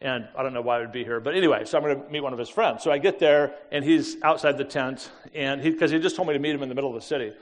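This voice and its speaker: A middle-aged man telling a personal story with lively energy, often laughing and acting out the voices of the people in it. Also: medium pitch, rapid-fire, hardly any pauses. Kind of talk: animated storytelling talk. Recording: long hall reverb.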